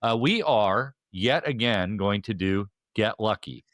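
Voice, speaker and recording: A man's voice: lowish voice, expressive, a little slow, a bit bright, no echo, studio quality. A man hosting a casual podcast chat, rambling with many fillers and restarts. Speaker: podcast host.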